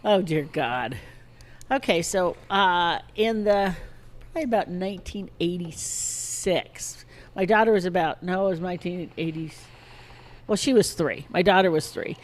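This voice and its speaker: Older woman, podcast guest, lower-pitched voice, animated, swears freely. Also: a little slow. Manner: animated, swears casually, acts out shrill child voices. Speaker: guest storyteller. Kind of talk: casual podcast storytelling.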